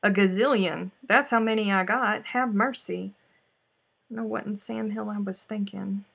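A woman's voice: mid-range voice, steady tone, moderate pace, vocal fry, fairly bright tone, husky. A woman hosting a live crochet stream, chatting casually and muttering to herself as she works. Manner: chatty, exclaiming, mutters to herself while working.

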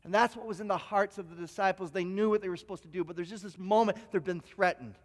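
A man preaching a sermon as pastor, telling stories in an animated, self-deprecating way with frequent restarts. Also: high voice, quick pace. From Ontario, Canada. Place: church sanctuary. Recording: long church hall reverb.

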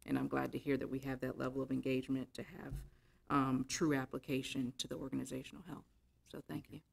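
This is a board member making polite remarks in a meeting. He is a man with a gravelly, level voice that barely rises or falls, and he pauses on fillers as he goes. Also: mid-range voice, monotone. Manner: polite, appreciative, halting fillers. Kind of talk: formal meeting comments.

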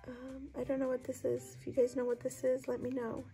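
A woman with a hoarse voice from a lingering cough, gushing chattily over her thrift haul in a casual vlog. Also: high-pitched, completely flat delivery, brisk, warm tone, soft background music, poor audio. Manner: gushing, chatty, lots of "so pretty".

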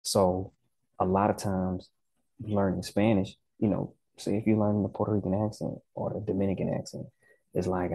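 Deep gravelly Southern man, laid-back. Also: flat delivery, moderate pace, warm tone, dry recording, poor audio. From Southern United States. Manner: laid-back, conversational, slangy, frequent "you know" and "right". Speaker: language-learning channel host. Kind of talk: casual vlog talk.

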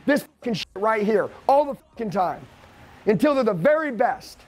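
A man with a high voice drives a live sales seminar for a room of trainees. He rants, swears and pushes them hard, with no letup in his pressure. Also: sing-song, normal speed, darkish tone. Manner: profane, aggressive, hyped-up lecturing.

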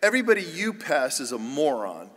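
Priest, man, higher voice, humorous sermon storyteller, reverberant church. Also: sing-song, brisk, fairly bright tone. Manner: chatty and self-deprecating, with many restarts. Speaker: priest giving a parish mission talk.

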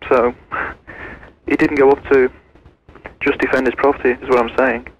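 Merseyside bloke phoning in, halting, plain talk, muffled sound. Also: male voice, medium pitch, little pitch movement, a little hiss or hum. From Wallasey, Merseyside. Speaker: caller. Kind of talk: phone-in call. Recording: muffled phone-in line.

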